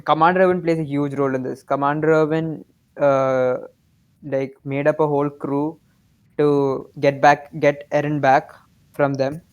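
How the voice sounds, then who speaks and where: A man co-hosting a casual podcast, recapping an anime with animated enthusiasm. His voice sits a little high and sounds smooth and resonant. He leans on fillers while he tells the story. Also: moderate pace, muffled recording. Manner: animated, filler-heavy retelling. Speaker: podcast co-host.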